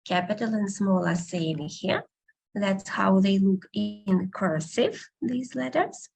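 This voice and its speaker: A woman teaching an online beginner language class, patiently repeating words slowly over a video call. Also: mid-range voice, gravelly, a little mellow.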